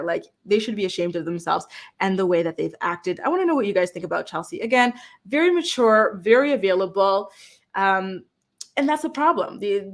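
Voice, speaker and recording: Lady doing a tv recap vlog, super chatty, acts out everyone's lines, lots of "like". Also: mid-range voice. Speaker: reality TV recap host. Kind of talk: casual recap talk to camera.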